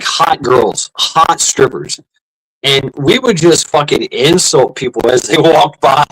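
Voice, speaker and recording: A man's voice: fairly high pitch, fairly bright tone, low-quality recording. A middle-aged man hosting a casual livestream, rambling and swearing, repeating himself and laughing often. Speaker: livestream host.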